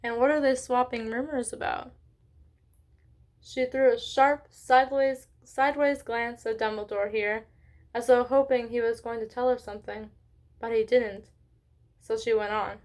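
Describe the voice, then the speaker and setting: Friendly read-along host, woman, slightly high voice, stops often to ask readers questions. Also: steady tone, moderate pace. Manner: chatty, stops to ask questions and apologize for slips. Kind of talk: children's book read-aloud.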